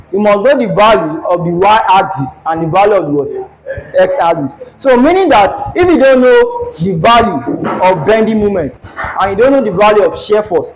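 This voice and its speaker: A man's voice: high voice, slight background noise, low-quality recording. A man teaching a classroom engineering lecture at a board, who keeps repeating his questions so the students will answer.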